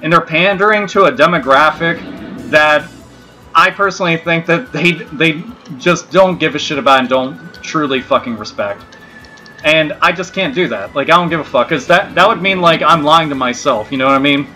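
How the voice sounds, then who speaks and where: A man's voice: a little high, moderate pace, bright, forceful tone, faint music behind. A man hosting a gaming livestream, talking in a blunt, profane and rambling way, with many restarts. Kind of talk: casual livestream chat.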